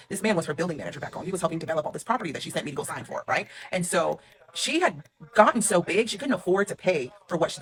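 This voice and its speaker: Rapid-fire woman spilling a storytime. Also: low-pitched, a bit bright. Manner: rapid, emphatic, blunt. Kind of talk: storytime confession to camera.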